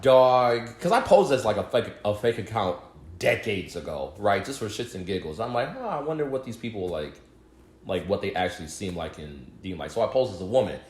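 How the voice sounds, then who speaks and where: A man's voice: on the low side, a little fast, a little hiss or hum. A man co-hosting a casual podcast, talking in loose slang with plenty of swearing. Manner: expressive, slangy, swears a lot. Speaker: podcast co-host. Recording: roomy echo.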